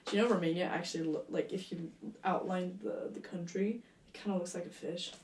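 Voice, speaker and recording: A woman's voice: on the low side, brisk, slight background noise. Young French-accented woman in an echoey room. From France. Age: young adult. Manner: laughs easily, playful and animated. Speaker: guest. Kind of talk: casual chat. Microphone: video call. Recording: echoey room, far from the mic.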